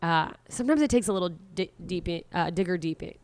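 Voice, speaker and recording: A woman's voice: on the low side, expressive, a little fast, no echo. A woman hosting a solo podcast, talking casually and rambling, correcting herself as she goes and acting out inner voices. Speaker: podcast host.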